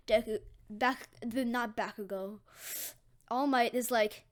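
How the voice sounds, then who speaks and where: Brief: woman storyteller, casual and rambling, self-correcting, slightly high voice. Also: steady tone, takes it slowly.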